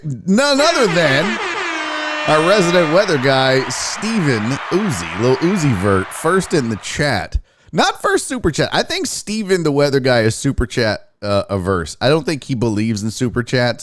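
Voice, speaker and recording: Animated, joking male sports-show host. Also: fairly high pitch, dry recording, studio quality. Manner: rambling, joking, profane; greets chat viewers by name. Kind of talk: casual live-stream chat.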